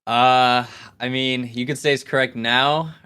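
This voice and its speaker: A young man guesting on a gaming podcast, his voice smooth and clear at a middle pitch. He talks casually and modestly, padding his answers with fillers. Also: fairly even intonation, a little slow, bright, forceful tone. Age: young adult. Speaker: guest, pro gamer.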